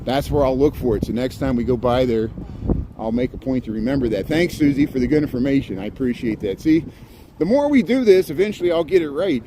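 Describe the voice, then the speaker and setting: A man's voice: mid-range voice, lively intonation, fast. Man in the middle range, walking outdoors and rambling to his live-stream chat on a phone mic, with light street noise behind him. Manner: rambling, chatty, reads out viewer comments. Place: outdoors on city streets at evening.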